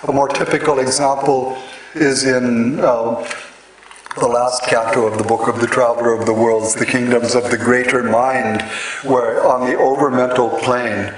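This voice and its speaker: A man giving a lecture on poetic meter, speaking slowly and haltingly with many fillers and restarts. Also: medium pitch, steady tone. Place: large hall with an audience. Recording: echoey hall, mic at a distance, audience noise.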